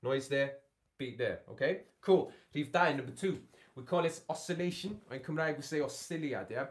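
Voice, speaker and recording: A man's voice: a little high, normal speed, a little hiss or hum. A man teaching a beatbox workshop from his home studio. He keeps checking in with his learners with "yeah?" and "okay?". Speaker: beatbox tutor.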